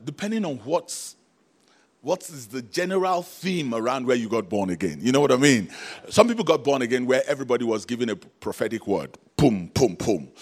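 A man delivers a lively sermon, throwing rhetorical questions at the congregation and prompting responses. He laughs often between his points. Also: medium pitch. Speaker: preacher.

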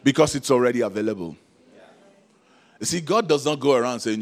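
A man's voice: medium pitch, animated, a little fast. Man preaching with call-and-response. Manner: calls out to the congregation, rhetorical questions; laughs often between points. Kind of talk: sermon.

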